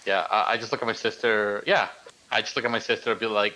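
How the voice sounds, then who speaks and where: A man's voice: on the low side, steady tone, fast, sharp tone, low-quality recording. A man playing a tabletop game, talking casually with stammering restarts. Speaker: player.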